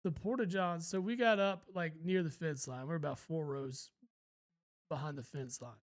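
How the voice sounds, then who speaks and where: A man's voice: fairly high pitch, moderate pace. A man co-hosting a podcast, telling a long story in a laid-back, rambling way and swearing freely. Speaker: podcast co-host. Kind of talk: casual storytelling chat.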